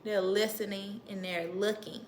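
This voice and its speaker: A woman's voice: medium pitch, level tone, moderate pace, echoey room, a little hiss or hum. A woman educator giving earnest, emphatic parenting advice to the camera in a casual vlog. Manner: earnest, emphatic, laughs at herself.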